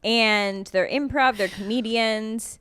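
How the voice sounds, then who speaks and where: A young woman, a podcast co-host, chatting playfully with teasing, quick comebacks. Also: on the high side, fairly bright tone, smooth. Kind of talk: casual chat.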